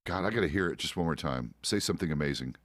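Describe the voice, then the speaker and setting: A middle-aged man with an American accent and a very deep voice talks in a loose, swearing, easygoing way, laughing between remarks. The sound is dry and close, with no room around it. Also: lively intonation, quick pace, a bit bright, husky, no room sound. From United States. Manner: profane, laid-back, chuckles often. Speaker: roleplay streamer. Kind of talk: casual chat while roleplaying a game.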